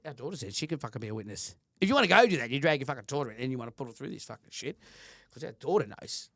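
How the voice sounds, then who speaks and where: A man's voice: medium pitch, lively intonation, rapid-fire, a bit bright, dry recording, studio quality. A middle-aged Australian man co-hosting a podcast, telling a heated story in casual chat and swearing constantly. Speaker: podcast co-host.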